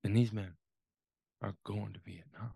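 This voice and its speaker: Man voicing a quiet older father-coach, gravelly, dropping toward a whisper. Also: steady tone, racing, dry recording, full character voice. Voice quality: low, hushed, trailing into a whisper.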